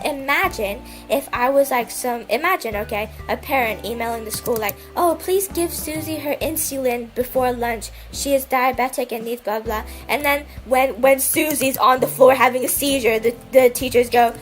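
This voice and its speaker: A young woman telling a story in casual chat, animated and indignant. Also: high voice, normal speed, hardly any pauses, soft background music. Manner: animated, indignant ranting with mocking voices.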